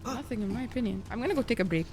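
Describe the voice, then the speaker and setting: Young woman streamer, super stressed, cursing at the game, high voice, chatting to chat. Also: expressive, racing, a little mellow, slight background noise. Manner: frantic, swearing, chatty with viewers. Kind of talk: live gameplay commentary.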